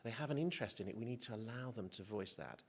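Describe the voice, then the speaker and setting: A middle-aged doctor speaks fast in a husky, low-leaning voice during a conference hall presentation. His delivery is hesitant and full of restarts, lightened by humour at his own expense.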